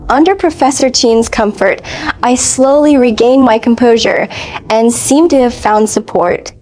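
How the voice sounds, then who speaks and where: A woman narrating a first-person dramatic story in a steady, even reading voice. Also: a little high, measured pace.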